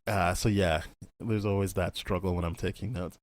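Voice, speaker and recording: A man hosting a podcast in casual chat, laid-back with many drawn-out "um"s. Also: low-pitched, fairly even intonation, dry recording. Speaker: podcast host.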